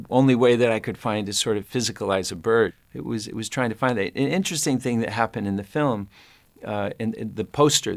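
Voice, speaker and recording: A man in his sixties, an actor looking back on a past role in a thoughtful, halting way, often restarting his sentences. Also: on the low side, vocal fry, no echo. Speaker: actor recalling a film. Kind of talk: reflective interview recollection.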